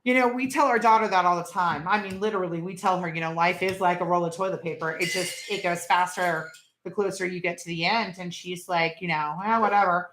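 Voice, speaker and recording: Middle-aged woman, live-stream host, chatty and rambling, bright tone, echoey room. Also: lowish voice, steady tone, brisk, a little hiss or hum. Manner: chatty, rambling, laughs at viewers' jokes. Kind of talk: casual live-stream chat.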